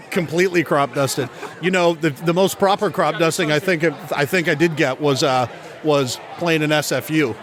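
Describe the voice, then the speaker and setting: Laughing, rambling man, fairly high voice. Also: normal speed, a bit bright. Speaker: comedian and bass drummer. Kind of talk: casual chat. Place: outdoor beer tent at a festival.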